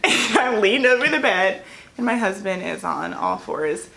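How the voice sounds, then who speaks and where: A woman's voice: medium pitch, animated, unhurried, vocal fry, pushed and bright. Wry woman telling a birth story. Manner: laughing, wry, teasing her husband. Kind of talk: casual storytelling chat.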